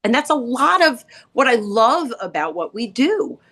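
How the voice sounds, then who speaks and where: A middle-aged woman telling salon stories in casual podcast chat, acting out quotes with big jumps in pitch. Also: sing-song, unhurried, fairly bright tone. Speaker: guest author, salon owner.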